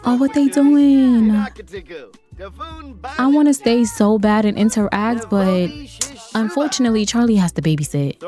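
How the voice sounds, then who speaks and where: A young woman hosting a casual gaming video, chatty and animated, laughing often and talking to her viewers. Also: medium pitch. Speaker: gaming channel host. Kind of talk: casual game commentary.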